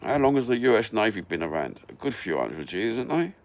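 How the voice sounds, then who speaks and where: Male livestream host, London accent, low voice, casual sweary banter to viewers over a phone mic. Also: big pitch swings, fast talker. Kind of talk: casual chat with live viewers.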